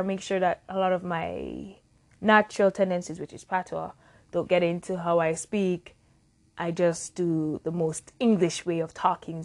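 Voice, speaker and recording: Rambling young woman podcasting solo. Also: lowish voice. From Jamaica. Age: early 20s. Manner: rambling, reflective, self-correcting. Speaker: podcast host. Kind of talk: casual solo podcast monologue.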